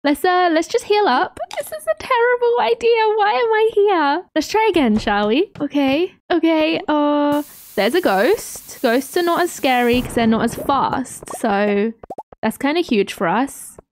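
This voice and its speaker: A young woman hosting a let's play, chatting through her game in an excitable way, often gasping and exclaiming. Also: sits high, a little slow, no echo. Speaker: gaming channel host.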